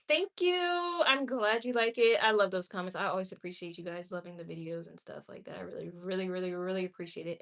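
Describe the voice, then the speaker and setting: A woman's voice: mid-range voice, fairly bright tone. A woman chatting casually on a live stream and reacting candidly to viewer comments. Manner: chatty and candid, with quick laughs and exclamations. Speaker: livestreamer.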